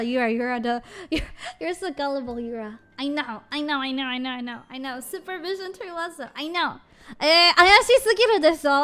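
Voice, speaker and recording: High-voiced woman streamer chatting animatedly. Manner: animated, giggly, switches between English and Japanese. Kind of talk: casual livestream chat.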